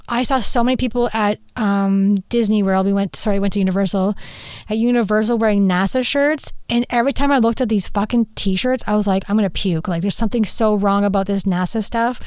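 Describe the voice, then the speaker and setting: A woman's voice: mid-range voice, darkish tone, clean tone, no echo. A middle-aged woman, hosting a podcast in a casual, rambling monologue full of "like" and "right?". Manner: chatty, rambling, with frequent "like" and "right?". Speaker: podcast host and spirit mentor.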